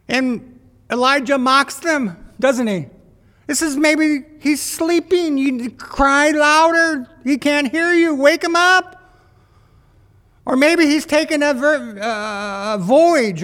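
A man delivers a sermon in a very high voice, taking his time over each phrase. He keeps putting questions to his listeners, and his words ring out with a long reverb, as in a church hall. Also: a bit bright. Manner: asks the congregation rhetorical questions. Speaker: preacher.

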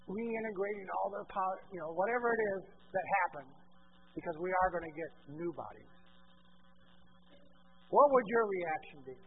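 A man preaching a sermon, asking the congregation questions and swinging from quiet asides to loud exclamations. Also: high-pitched, expressive, normal speed, pauses often, slightly rough, phone-quality sound.

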